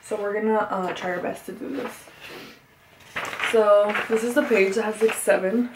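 A woman's voice: mid-range voice, moderate pace. A young woman with a cold, sniffling, chatting casually and gushing with sudden squeals while unboxing an album. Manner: excitable, gushing, often confused, with sudden squeals and gasps. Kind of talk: casual unboxing chat to camera. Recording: echoey room, faint background noise.

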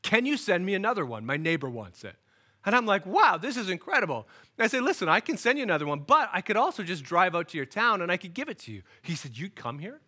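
Animated bright-voiced man telling stories. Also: high-pitched, fast talker, husky. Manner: animated, acts out the people in his stories. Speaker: guest speaker. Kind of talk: storytelling sermon. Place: church, recorded for online worship.

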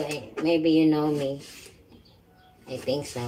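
Lady doing a chill cooking livestream, slow and kinda low, chatting up viewers, lots of little laughs. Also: fairly even intonation, warm tone. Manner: playful, greets and thanks viewers by name, chuckles often. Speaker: livestream host. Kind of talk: casual live-stream chat while cooking.

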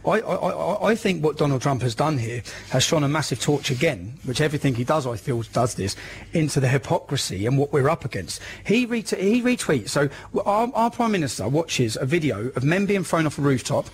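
Fast-talking man, urgent. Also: fairly high pitch, animated, slight background noise. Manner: urgent, repetitive, restarts mid-sentence. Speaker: guest. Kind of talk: animated political debate.

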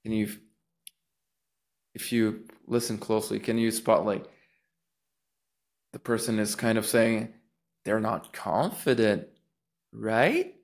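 Speaking slowly and pausing often, a man with a lowish voice teaches public speaking in a relaxed way. He restarts as he thinks aloud and demonstrates rising and falling intonation with example phrases.

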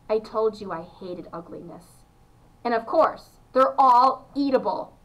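A woman's voice: fairly high pitch, recorded from a distance, rough recording. Woman reading as an eccentric, eager candy maker. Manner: eager, showy, coaxing.

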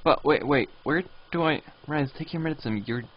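This man, streaming a game live, speaks at a moderate pace in a fairly high-pitched voice. He rambles and reads in-game signs and chat messages out loud over dull lo-fi stream audio.

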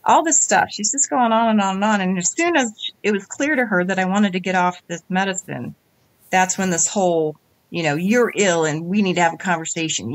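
A woman's voice: on the low side, fairly quick, dry recording. Middle-aged woman telling her story. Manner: animated, acts out quoted dialogue. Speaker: interview guest. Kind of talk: candid conversational storytelling.

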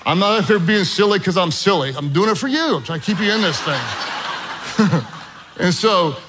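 A middle-aged male pastor preaching a sermon, animated and self-deprecating as he tells stories and jokes with the congregation. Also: high voice, moderate pace, noisy background. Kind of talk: sermon with storytelling.

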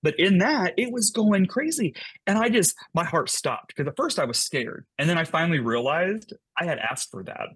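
A man who is a podcast guest tells a story in an animated way, with his pitch jumping up as he gets excited. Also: normal speed, husky, no room sound. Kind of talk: casual podcast conversation.

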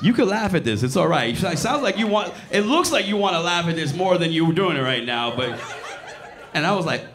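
A man in his late forties doing a crude, animated stand-up set in a comedy club, bantering with the audience. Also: fairly high pitch, a little fast, background noise. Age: 40s.

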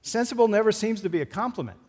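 A man's voice: high voice, animated, fast, darkish tone, breathy edge. A man preaching a sermon as pastor in a church, earnestly retelling a film scene. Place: church sanctuary. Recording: church hall reverb.

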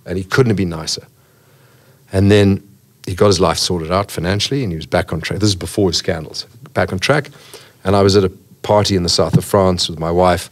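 A middle-aged man with a very low, deep voice speaks as a guest on a podcast. He is chatty and frank, and he spins out anecdotes about the people he has met over the years. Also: steady tone, a little fast. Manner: chatty storyteller, frank and name-dropping. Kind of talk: podcast interview, anecdotal storytelling.

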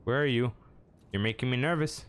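A man's voice: medium pitch, brisk, clean tone. A young man commentating his own video game match at home, self-mocking and talking to his opponents. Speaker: gaming channel host.

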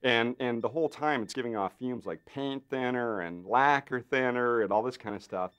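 In an interview, a special effects artist tells a behind-the-scenes story, animatedly acting out other people's lines and using plenty of fillers. His mid-range voice is clean in tone and moves at a normal speed.

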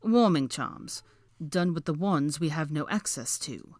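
Lady putting on a snide young wizard guy, drawls and sneers, low and kinda quiet, dry close sound. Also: expressive, measured pace, no echo. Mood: irritable. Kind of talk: audiobook character voice.

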